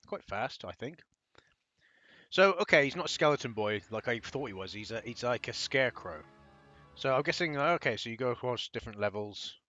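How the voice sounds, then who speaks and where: Chatty bright-voiced gaming host. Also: male voice, medium pitch, lively intonation, a little fast, dull audio, faint music behind. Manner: rambling, chatty, laughs and trails off often. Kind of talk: casual game commentary.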